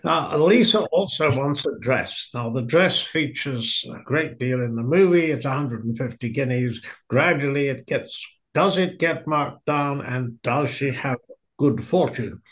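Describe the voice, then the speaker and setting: A man's voice: mid-range voice, unhurried. A man reviewing a film in casual chat, wry and rambling, with frequent hesitations.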